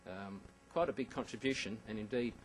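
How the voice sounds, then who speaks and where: A man's voice: fairly low pitch, a little fast, slight background noise, rough recording. A man giving a conference presentation about slides, with wry asides and frequent ums and restarts. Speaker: conference speaker.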